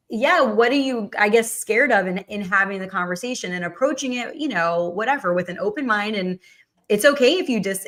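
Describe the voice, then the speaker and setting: A woman's voice: medium pitch, bright, forceful tone. A woman hosting a casual political chat, talking loosely with many fillers and restarts. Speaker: host.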